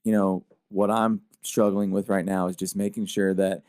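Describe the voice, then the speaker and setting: A young man in a casual podcast conversation, talking in a laid-back, plain-spoken way about looking out for his kid. His voice sits a little low, and he comes across direct and protective. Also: flat delivery, normal speed, darkish tone, clear, resonant tone. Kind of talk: casual chat.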